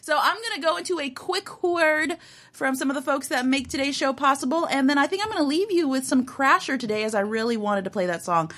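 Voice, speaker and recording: Giggly high-voiced woman radio DJ. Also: fairly quick. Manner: giggly, animated, laughs often. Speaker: radio DJ host. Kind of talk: casual radio banter. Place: radio studio.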